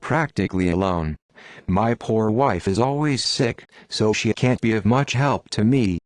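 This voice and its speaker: A man's voice: on the low side, a little slow, dry recording, natural voice. A man reading the lines of a poor, bitter, self-pitying innkeeper in an audiobook. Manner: complaining, sighing talk.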